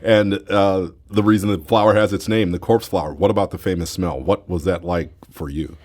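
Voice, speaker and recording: Low-voiced male radio host. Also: fairly even intonation, a little mellow. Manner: measured, friendly questioning with brief backchannels. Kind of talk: scripted intro and interview questions. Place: radio studio.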